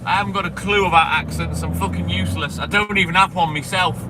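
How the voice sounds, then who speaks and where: Male streamer, high-pitched and chatty, swears often, loud road noise on a phone mic. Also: steady tone, quick pace. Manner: chatty, swears freely, greets chat by name. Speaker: milkman streamer. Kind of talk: casual live-stream chat while driving. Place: in a vehicle on a delivery round. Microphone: phone camera. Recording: noisy with street and car sound. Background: car and street noise.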